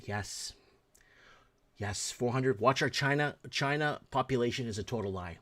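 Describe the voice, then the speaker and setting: A man of ordinary pitch holds forth alone on his own show. He rants in a heated, blunt way, swears freely and repeats himself to hammer his points home. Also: normal speed, a bit bright. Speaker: host of a talk show. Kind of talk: ranting solo commentary.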